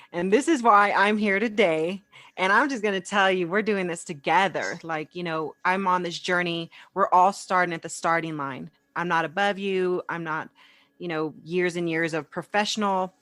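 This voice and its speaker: A woman guest on a podcast interview, telling stories in a relaxed, conversational way and laughing easily. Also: lowish voice, moderate pace, dry recording. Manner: warm storytelling, laughs easily. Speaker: podcast guest, entrepreneur and speaker.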